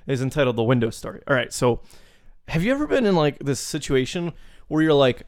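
A man's voice: medium pitch, big pitch swings, brisk. Laughing, foul-mouthed man spinning stories. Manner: loose, profane storytelling with laughs. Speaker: podcast co-host. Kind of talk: casual podcast chat.

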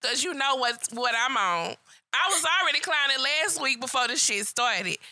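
Very bright-voiced blunt woman. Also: high-pitched, lively intonation, normal speed, no echo, clean studio sound. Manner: blunt, profane, storytelling. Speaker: co-host. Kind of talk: casual chat. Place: live online stream.

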